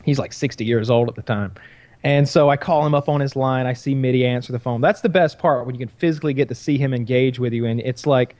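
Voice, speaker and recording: A man's voice: medium pitch, fast, a little mellow, dry recording. A man telling a long story in casual chat, profane and rambling. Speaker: podcast storyteller.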